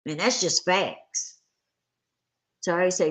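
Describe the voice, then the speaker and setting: A woman's voice: mid-range voice, expressive, measured pace, pauses often, fairly bright tone. A woman hosting a live talk, giving an earnest motivational talk to her audience. She repeats her points for emphasis and keeps checking in with her listeners. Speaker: livestream host.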